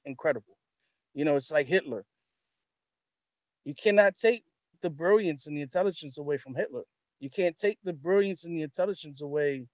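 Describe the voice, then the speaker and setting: A man with a fairly high voice speaks in impassioned commentary, piling up repeated phrases and rhetorical questions. The recording is dry and close, with no room sound. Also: no echo. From New York. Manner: emphatic, repetitive, building rhetorical questions. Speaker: guest. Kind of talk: impassioned talk-show commentary.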